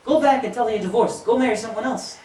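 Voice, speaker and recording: Animated preacher in an echoey hall. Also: male voice, very high-pitched, quick pace. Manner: animated, joking asides to the audience. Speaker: imam giving a talk. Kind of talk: storytelling sermon. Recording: echoey hall, distant mic, faint noise.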